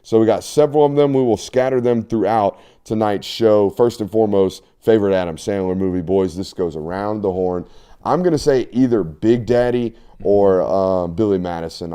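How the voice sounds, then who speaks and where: A man's voice: fairly low pitch, mellow, clean tone. A man hosting a casual sports show, joking and teasing his co-hosts.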